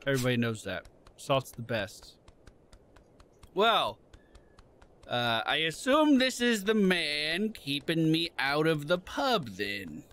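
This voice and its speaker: A man's voice: on the high side, big pitch swings, slow, pauses often, fairly bright tone. A man doing playful let's-play commentary, chatting with game characters and laughing along. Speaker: gaming YouTuber. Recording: faint background game music.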